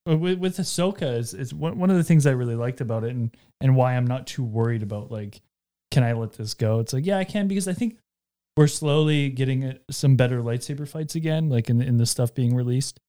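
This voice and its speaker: A man with a warm, mellow voice speaks in a casual group chat. He hesitates often and searches for his words. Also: medium pitch, fairly quick.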